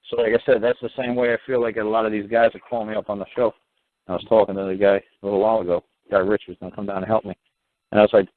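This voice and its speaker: A man's voice: fairly low pitch, fairly even intonation, fast talker. A man hosting a call-in show, rambling bluntly through stories with plenty of swearing. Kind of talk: rambling phone talk, anecdotes. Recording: tinny phone line with faint hiss.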